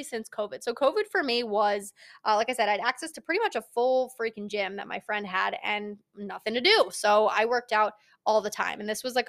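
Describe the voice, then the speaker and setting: Young female podcast host, slightly high voice, blunt and emphatic motivational chat, casual swearing. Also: fairly bright tone. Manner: emphatic, swears freely, speaks straight to the listener.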